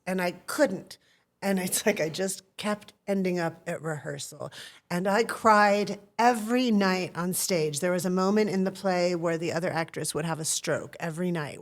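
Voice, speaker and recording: A woman talking as an interview guest, an acting teacher who tells personal stories in an earnest, reflective way and acts out the voices she quotes. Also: on the low side.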